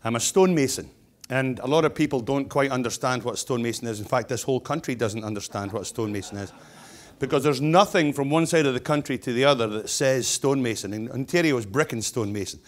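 A man's voice: medium pitch, quick pace. A Scottish man in his sixties giving a keynote speech as a stonemason, in a blunt, jokey, conversational manner. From Scotland.

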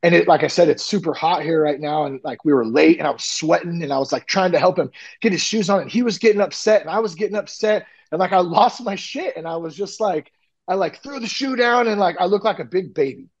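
A man's voice: high-pitched, brisk, creaky. Chatty man with a raised, muffled voice. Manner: rambling, frequent "like" and "you know", animated retellings. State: nearly ten years sober. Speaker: podcast guest, recovery coach. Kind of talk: candid conversational storytelling.

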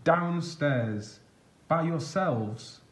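A woman's voice: deep voice, lively intonation, drawn-out words, echoey room, exaggerated voice. A man doing a worn-out, exasperated mum. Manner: exasperated, sighing. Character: weary mother craving quiet.

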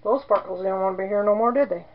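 A woman's voice: medium pitch, quick pace, dull audio. A woman in her forties chatting casually as she demonstrates soap making, rambling into joking asides. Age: 40s.

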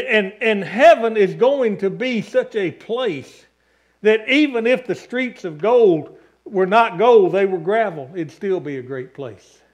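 High-voiced preacher calling out lists. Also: male voice. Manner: emphatic preaching with long repeated lists and calls for amen. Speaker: pastor. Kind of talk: sermon. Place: church sanctuary.

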